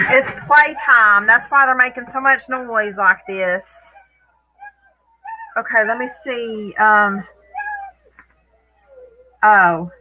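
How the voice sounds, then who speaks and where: A woman's voice: a little high, extremely slow, pauses often, bright, forceful tone, low-quality recording. A woman hosting a casual live stream from home, chatting with viewers by name and laughing often.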